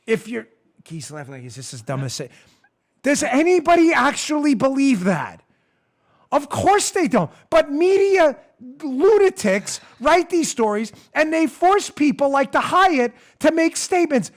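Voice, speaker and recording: A man's voice: very high-pitched, sing-song, a little slow. A man hosting a political talk show, sarcastic and exasperated, ranting and mocking as he goes. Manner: ranting, getting louder. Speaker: podcast host. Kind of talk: political commentary.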